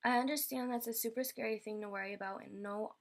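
A woman's voice: fairly high pitch, steady tone, fast, gravelly. A young woman telling personal stories in a Q&A vlog, rambling and emotional with many fillers. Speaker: vlogger.

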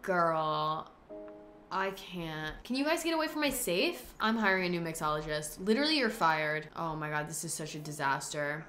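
A woman hosting a let's-play video, with excitable, dramatic commentary full of gasps and exclamations. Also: lowish voice, brisk, hardly any pauses, soft background music. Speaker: gaming host.

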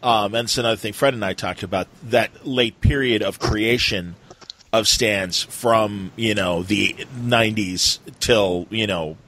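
A man's voice: on the low side, unhurried, a bit bright, poor audio. A man hosting a podcast, chatting casually in a rambling, enthusiastic way with lots of fillers. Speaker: podcast host. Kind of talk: casual chat.

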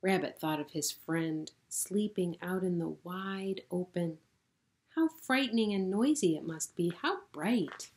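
A middle-aged woman pastor reading a children's story aloud in a gentle storytelling manner. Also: fairly low pitch, animated. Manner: gentle, slow, warm storytelling.

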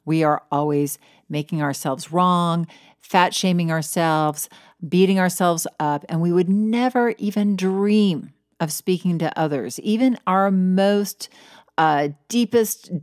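Chatty low-voiced woman podcast host. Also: unhurried, a little mellow, no echo, studio quality. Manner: chatty and self-deprecating, laughs at herself. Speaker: podcast host, weight loss coach. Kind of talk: casual solo podcast talk.

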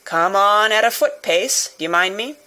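A woman voicing a gruff, wary male coach guard who growls and shouts commands in an audiobook reading. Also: mid-range voice, expressive, a little slow, rough recording. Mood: threatening. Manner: loud, barking commands. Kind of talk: audiobook character voice.

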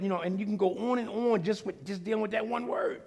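A man preaching with a very high, gravelly voice and lively, animated delivery. His tone is husky and rough-edged, and he moves from quiet asides to full shouts as he exhorts the congregation. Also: fast talker, few pauses. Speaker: pastor. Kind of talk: sermon.

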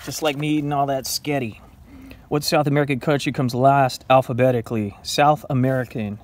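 Male vlogger, mid-pitched, playful self-quiz banter with a self-mocking edge, faint background noise. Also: fairly even intonation, fairly quick. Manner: playful, self-mocking, talks to his dog. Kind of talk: casual trivia self-quiz while eating.

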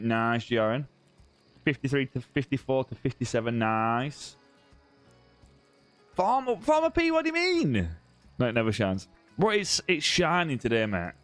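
A southern English man hosting a live fishing-game stream, chatting casually with viewers, teasing them and tagging lines with "mate". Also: mid-range voice. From southern England. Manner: chatty and teasing, many "mate" and "bro" tags, restarts. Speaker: live-stream gamer host. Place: home room.

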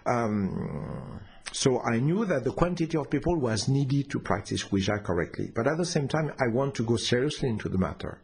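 Husky man. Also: medium pitch, expressive, normal speed. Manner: hesitant, with restarts and fillers. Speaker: osteopath telling a personal story. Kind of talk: unscripted storytelling.

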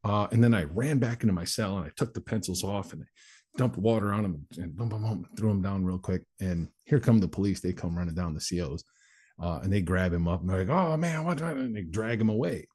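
As an interview guest, a man tells his life story bluntly and without polish, swearing occasionally and speaking a little fast. His low, dark voice has a husky, breathy edge. He sounds plain and practiced, like he's told this story to crowds before.

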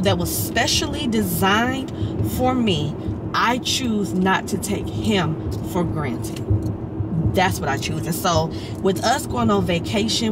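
A woman in her thirties talking to camera in a casual vlog, earnest when she reflects and excited, half whispering, when she shows things. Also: medium pitch, very noisy. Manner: earnest, faith-filled reflection; excited, partly whispering show-and-tell. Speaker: vlogger.

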